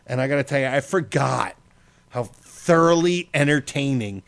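A man's voice: mid-range voice, expressive, moderate pace, creaky. A man hosting a radio show, telling stories in loose casual banter full of fillers. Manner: loose storytelling with many fillers.

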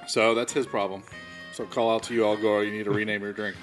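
A man's voice: lowish voice, flat delivery, fast talker, a bit bright, soft background music. Easygoing man explaining on a podcast. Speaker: podcast co-host. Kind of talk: casual banter.

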